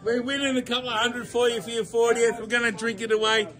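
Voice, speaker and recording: A boisterous Australian man with a very high voice cheers and hollers through a birthday message. He is in a busy indoor venue, with loud music playing behind the phone recording. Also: monotone, fast talker. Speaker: friend sending a birthday message. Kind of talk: rowdy video message.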